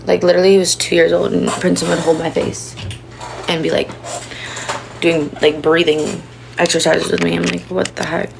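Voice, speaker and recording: A woman's voice: on the low side, little pitch movement, normal speed, creaky, pauses often, very noisy. A young woman in her twenties, talking through a rambling, emotional confession on a phone stream from home. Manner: rambling, emotional, many fillers. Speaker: livestreamer. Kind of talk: confessional casual talk.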